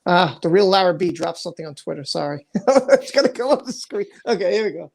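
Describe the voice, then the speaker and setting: A woman's voice: on the low side, lively intonation, quick pace, creaky. A woman hosting a casual livestream chat, talking in loose, rambling run-on sentences. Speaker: livestream host.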